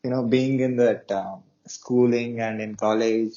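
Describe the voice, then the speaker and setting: A male host in a casual interview, talking hesitantly with many pauses and fillers. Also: medium pitch, steady tone, dark tone, lo-fi sound.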